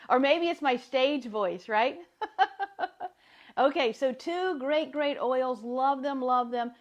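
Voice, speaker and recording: Chatty Southern woman, fairly high voice. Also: very slow, long pauses, lo-fi sound. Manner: chatty, upbeat, laughs often. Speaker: wellness coach. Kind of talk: live-streamed talk.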